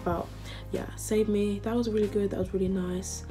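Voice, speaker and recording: A woman's voice: mid-range voice, little pitch movement, moderate pace, mellow. Gushing woman vlogger over music. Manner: chatty, gushing fan. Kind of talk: casual chat.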